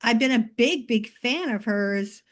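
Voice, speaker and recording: A woman's voice: a little high, a little slow. A woman hosting an interview who keeps the talk going with eager, brief interjections. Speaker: host. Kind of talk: casual interview chat.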